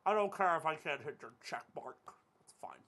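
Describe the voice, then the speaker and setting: On the high side and animated, his voice runs at normal speed with a pushed, bright tone. The young man makes gaming videos, commenting casually on his play with jokes, rambling, and swearing aimed at the game.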